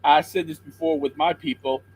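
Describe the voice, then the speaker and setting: Middle-aged man, caller on a video call, earnest and preachy, a bit hoarse, faint background noise. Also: a little high, steady tone, normal speed, low-quality recording. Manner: earnest, preachy, quotes scripture. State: slightly hoarse throat. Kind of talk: call-in chat and Bible encouragement.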